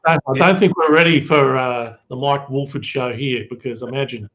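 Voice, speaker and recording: A man's voice: medium pitch, normal speed, a bit bright, slight background noise. A man chatting casually as a guest on a video call, easygoing and teasing. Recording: dull lo-fi call audio.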